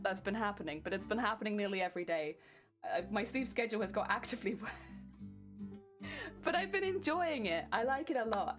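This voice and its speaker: A young British woman chatting casually on a live crafting stream, giggly and sleepy, thanking viewers by name. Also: mid-range voice. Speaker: cosplay streamer. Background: guitar music playing.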